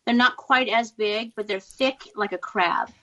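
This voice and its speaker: A woman from California with an American accent, chatting casually as a guest and telling stories with animated detail. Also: on the high side, unhurried. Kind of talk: casual chat. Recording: dull lo-fi audio.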